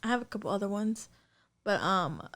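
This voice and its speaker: A woman's voice: medium pitch, expressive, moderate pace, fairly bright tone. A young adult woman co-hosting a podcast, telling stories in a loose, rambling way with lots of ums and likes. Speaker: podcast co-host. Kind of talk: casual chat.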